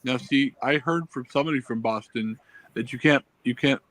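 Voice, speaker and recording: An easygoing man chats casually, often agreeing with his co-host. His pitch is average. The sound is dry and close. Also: a bit bright, no room sound, low-quality recording. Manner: easygoing, quick to agree and laugh. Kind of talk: casual chat.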